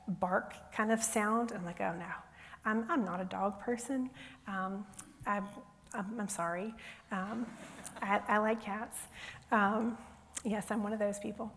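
A woman teaching from the Bible in a relaxed, conversational way, telling personal stories with plenty of ums. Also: mid-range voice. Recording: long reverb of a hall.

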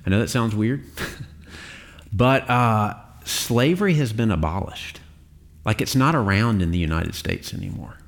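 A man's voice: lowish voice, lively intonation, measured pace, gravelly. A man preaching a sermon in a conversational way, with fillers and the odd laugh. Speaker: pastor.

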